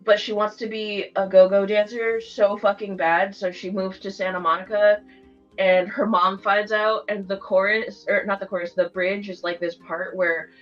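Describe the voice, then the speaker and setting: A woman's voice: medium pitch, level tone, normal speed, soft background music. Casual female co-host, swears, giggles, slightly muffled sound. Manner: casual, swears, laughs a lot. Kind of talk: casual chat.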